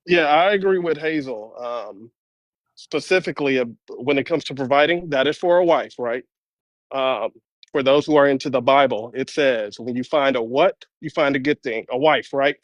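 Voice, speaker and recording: A man's voice: medium pitch, normal speed, no room sound, muffled recording. A man who is a guest on a live panel and argues his point, often tagging "right?" onto the end of his lines. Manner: argumentative, keeps saying right?.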